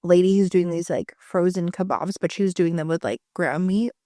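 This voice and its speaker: A woman's voice: on the low side, normal speed, warm tone, no room sound. Chatty woman co-host, dry close mic. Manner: chatty, storytelling, many fillers. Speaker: podcast co-host. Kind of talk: casual chat.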